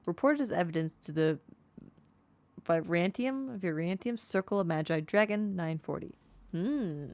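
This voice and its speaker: Her voice sits in the mid-range, a little mellow and a little slow. While streaming a game she chats casually and reads the on-screen text aloud, working through unfamiliar words as she goes.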